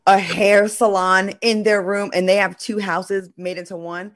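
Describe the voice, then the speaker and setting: A lively talk show host chatting and teasing the co-hosts in loose, casual talk. The voice sits at a middle pitch. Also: a little slow. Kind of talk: casual chat.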